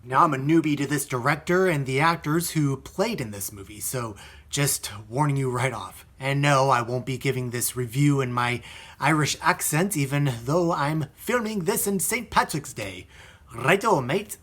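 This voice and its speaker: A man's voice: mid-range voice, moderate pace, fairly bright tone. A man reviewing a film in a chatty style with joking asides. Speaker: film critic.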